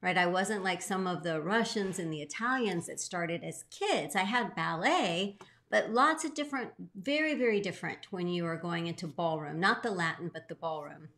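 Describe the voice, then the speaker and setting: A middle-aged woman co-hosting a show tells an emotional personal story in earnest, her voice swinging with feeling. Her voice is lowish and fairly bright, at a moderate pace.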